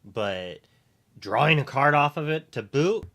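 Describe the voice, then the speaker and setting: Casting: wry man co-host, bright tone, offhand mumbling asides. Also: medium pitch, expressive, a little slow. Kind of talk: casual chat on a live stream.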